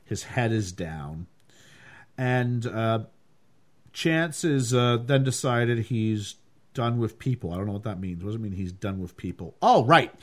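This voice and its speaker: A man co-hosting a casual film podcast, animated and acting out lines from the movie as he recaps it. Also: lowish voice, unhurried. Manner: animated, acts out quotes, laughs often. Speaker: podcast co-host reviewing a film. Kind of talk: casual chat.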